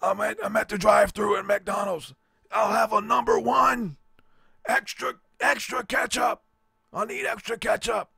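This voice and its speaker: A man putting on the voice of a fervent male revival preacher, praying in drawn-out, impassioned shouts. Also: level tone, vocal fry, husky, no room sound, clean studio sound, heavily acted. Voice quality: loud, high and strained.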